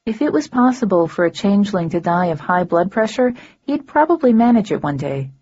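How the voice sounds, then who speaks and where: A woman's voice: mid-range voice, sing-song, a little fast, darkish tone, slightly rough, lo-fi sound. A woman narrating a fantasy audiobook in the first person, with a dry, sardonic delivery.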